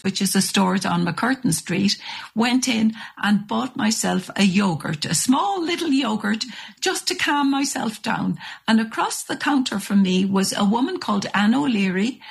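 Older irish lady telling stories, gravelly and a bit husky, really animated. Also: medium pitch, moderate pace. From Ireland. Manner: animated storyteller, restarts and acts out voices. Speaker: guest. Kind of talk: storytelling in an interview.

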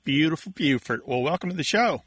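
A man co-hosting a language talk radio show, with a bright, forward voice recorded very dry. His manner is easy and friendly whether he is playing along with a quiz or greeting a caller. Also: a little high, expressive, brisk, breathy edge, no room sound.

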